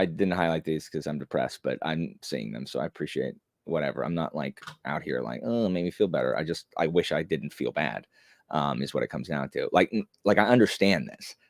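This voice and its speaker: A man's voice: rumbling low, a little fast, creaky, a little mellow, dry recording, clean studio sound. A young man chatting casually on a live stream, rambling and self-deprecating with many fillers.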